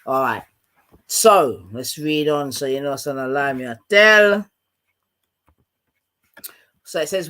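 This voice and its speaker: A man hosting a live stream, chatting loosely and reading articles aloud with quick asides, his throat a little sore. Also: on the high side, sharp tone. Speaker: livestream host. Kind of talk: casual live-stream chat.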